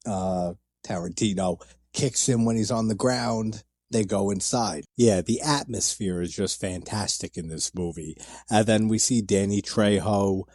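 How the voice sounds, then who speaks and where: Husky low-voiced movie commentator. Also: male voice, mellow, no echo, clean studio sound. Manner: enthusiastic, laughs, loose filler-heavy retelling.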